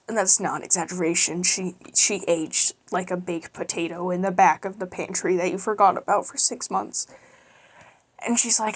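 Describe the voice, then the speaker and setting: A young woman in her teens telling casual stories about her school days, animated and quick, with plenty of fillers. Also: lowish voice. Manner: quick, rambling with many fillers. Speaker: YouTuber. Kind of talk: casual storytelling.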